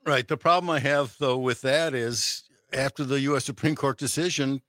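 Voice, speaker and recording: A man's voice: mid-range voice, fairly even intonation, normal speed, fairly bright tone, no room sound, studio quality. A male co-host on a talk radio show, speaking plainly and restarting phrases.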